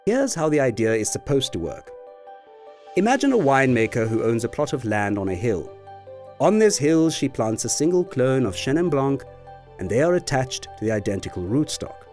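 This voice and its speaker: A man giving scripted educational narration for a wine course, with a clear, explanatory delivery. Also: medium pitch, very animated, normal speed, darkish tone, soft background music.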